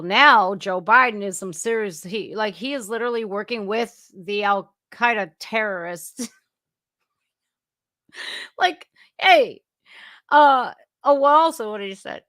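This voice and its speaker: A woman's voice: fairly high pitch, unhurried, a bit bright, no room sound, studio quality. A woman in her forties hosting a casual political reaction livestream, blunt, profane and sarcastic. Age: 40s. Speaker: livestream host.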